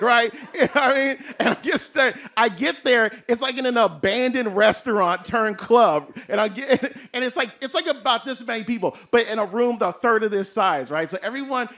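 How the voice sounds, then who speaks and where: A male comedian tells a wild personal story from a live stage. His voice is very high and bright, with a ringing edge. He laughs through his lines and checks in with the crowd, asking "right?" and "you know what I'm saying?" over and over. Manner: animated, laughing, tag questions.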